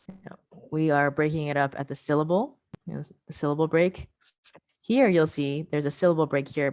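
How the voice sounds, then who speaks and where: A woman's voice: deep voice, darkish tone, no echo, studio quality. A woman presenting an online teacher workshop over a video call, patient and repeating her key points.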